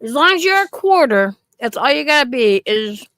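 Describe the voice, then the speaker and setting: A woman's voice: high voice, sing-song, moderate pace, fairly bright tone, no room sound. A woman in her fifties, co-hosting a stream and telling rambling stories with frequent laughs. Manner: rambling storyteller, laughs often. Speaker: stream co-host. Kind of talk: casual chat.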